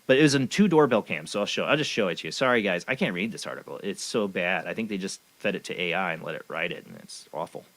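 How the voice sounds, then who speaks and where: A man's voice: low-pitched, expressive, fast talker, few pauses, a bit bright, no echo. A man hosting a talk show, rambling along in a cynical, sarcastic way. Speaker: show host. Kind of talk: casual talk radio commentary.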